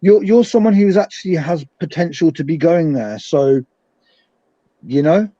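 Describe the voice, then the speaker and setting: A man's voice: a little high, normal speed, warm tone, dry recording. A man hosting a casual conversation, speaking earnestly and urgently. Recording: dry, dull lo-fi sound.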